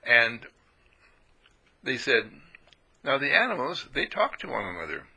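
A man preaching a folksy spiritual sermon, animated and playful, swooping into high voices for sheep and characters. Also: a little slow, creaky, breathy edge, rough recording.

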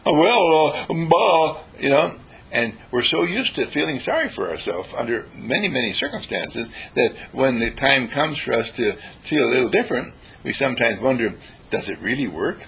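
Husky animated man giving a motivational talk. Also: medium pitch, normal speed, poor audio. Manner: animated, acts out little dialogues in changing voices. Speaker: inspirational speaker.

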